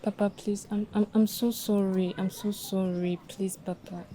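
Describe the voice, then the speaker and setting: A woman's voice: mid-range voice, level tone, normal speed, mellow, slight background noise, natural voice, low-quality recording. An actress with a Nigerian accent playing a young daughter, pleading tearfully for her father's forgiveness. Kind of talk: Nollywood film acting.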